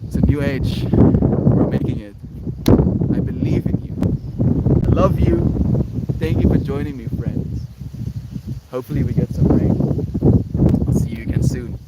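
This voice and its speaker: A man's voice: medium pitch, moderate pace, long pauses. A man livestreaming to his viewers in an earnest, rambling, affectionate way, talking outdoors in the countryside. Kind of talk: casual livestream chat to viewers. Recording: loud outdoor background noise.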